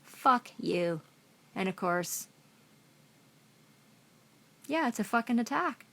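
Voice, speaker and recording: A woman's voice: a little high, animated, takes it slowly, vocal fry, a bit bright. A middle-aged woman ranting furiously into the camera, profane and accusatory, repeating herself as she goes. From Canada. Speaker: vlogger. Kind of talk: angry rant to camera.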